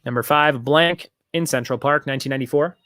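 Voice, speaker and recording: A man's voice: mid-range voice, quick pace, pushed and bright, dry recording, studio quality. A man hosting a casual online trivia night, chatting in long rambling asides and repeating each question. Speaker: trivia host.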